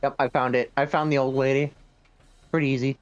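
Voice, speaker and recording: A man playing along with a friend's stream, making relaxed, matter-of-fact remarks over voice chat. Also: medium pitch, brisk, smooth, dry recording, muffled recording, soft background music. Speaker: co-player friend. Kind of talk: casual gaming chat.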